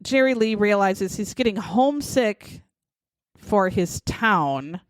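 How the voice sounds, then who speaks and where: A woman's voice: mid-range voice, lively intonation, slow, no echo. A woman co-hosting a podcast, casually retelling a true-crime story with swearing and quoted voices. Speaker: podcast co-host.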